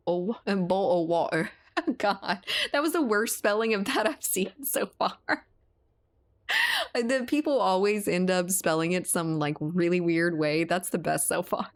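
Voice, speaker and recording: A woman from Louisiana streaming, casually chatting with her viewers, laughing often and swearing now and then. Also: lowish voice. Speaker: livestreamer reading chat. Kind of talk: casual chat.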